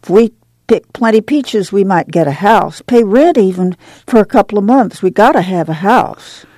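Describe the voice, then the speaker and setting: A man's voice: sits high, lively intonation, normal speed, darkish tone, dry recording, voice pushed up. A man voicing an eager, hopeful older farm mother who babbles on in folksy rural speech.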